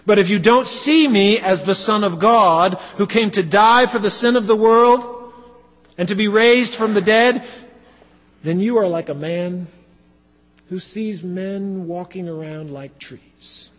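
A man preaching a sermon, dramatic and expressive, acting out the voices he quotes. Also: high-pitched, a little slow. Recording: long hall reverb.

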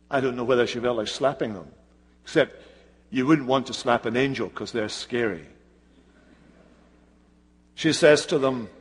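A man preaching a sermon, retelling a scripture story slowly and dramatically with pauses. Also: medium pitch, breathy edge, big-room sound.

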